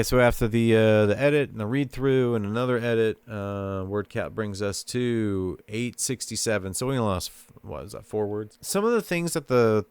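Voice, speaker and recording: Man, podcast host, lowish smooth voice, dry close sound, relaxed explainer. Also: no room sound. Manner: relaxed, thinking aloud, easygoing. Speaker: podcast host and fiction writer. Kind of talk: casual explanatory talk about writing.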